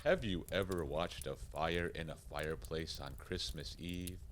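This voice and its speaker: A man voicing a calm, wise Santa Claus in a rhyming radio play, gently lecturing. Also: deep voice, unhurried, a little hiss or hum. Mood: tender.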